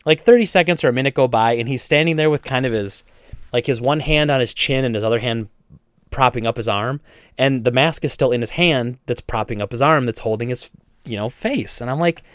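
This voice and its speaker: A man's voice: mid-range voice, a little fast, no echo, clean studio sound. Indignant man telling a store story. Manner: animated retelling, acts out both sides with frequent restarts. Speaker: video game store owner. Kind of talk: casual storytelling chat.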